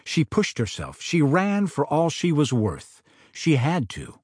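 A man reading his own novel aloud in dramatic, expressive audiobook narration. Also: a little high, unhurried, slightly rough, no room sound, clean studio sound.

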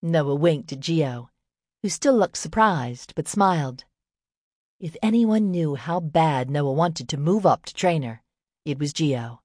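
Reading a novel from a script, a deep-voiced woman works as an audiobook narrator with steady, measured delivery. The audio is dry and studio quality.

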